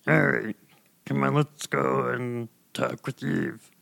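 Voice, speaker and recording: A man's voice: mid-range voice, steady tone, slow, creaky, a bit bright. A man playing in a tabletop game, playful and teasing. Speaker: player. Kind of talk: tabletop role-play.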